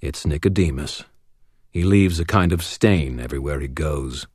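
A man voicing a calm devout knight. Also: a bass voice, normal speed, dry recording, clean studio sound. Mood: earnest. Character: devout calm male knight, gentle and faithful.

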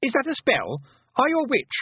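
A man voicing a bossy, frightened young nobleman boy who gives orders in a shrill, raised voice. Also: huge pitch swings, normal speed, slightly rough, no echo, exaggerated voice. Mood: imperious. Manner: imperious, shrill. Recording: tinny phone-like dry recording.

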